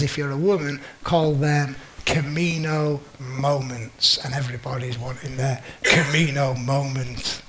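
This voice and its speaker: This man's voice is on the high side, captured in a low-quality recording. Presenting a talk with slides, he recounts a personal story chattily, pokes fun at himself and acts out the lines others said.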